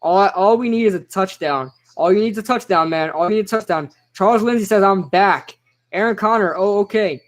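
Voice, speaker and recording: A young man casually reacting live to a football game, chatting with viewers and shouting out their names. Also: high voice, fairly quick. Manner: excitable, chatty, reads out chat names. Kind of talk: casual live-stream commentary.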